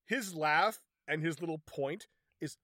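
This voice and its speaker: A man co-hosting a podcast, retelling a movie in casual chat, animated and profane, acting out scenes between laughs. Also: a little high, measured pace, no echo, clean studio sound. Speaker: podcast co-host reviewing a movie.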